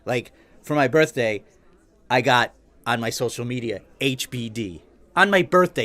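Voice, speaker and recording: Bright-voiced man doing stand-up. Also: medium pitch. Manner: wry and animated, acts out quotes. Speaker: stand-up comedian. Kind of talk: stand-up comedy storytelling.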